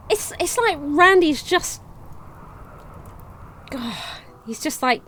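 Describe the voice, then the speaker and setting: A woman's voice: high-pitched, takes it slowly, pauses often, a little hiss or hum. Chatty woman narrating her colony game. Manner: chatty, reads game text aloud, excitable outbursts. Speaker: let's play gamer. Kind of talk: casual gameplay commentary.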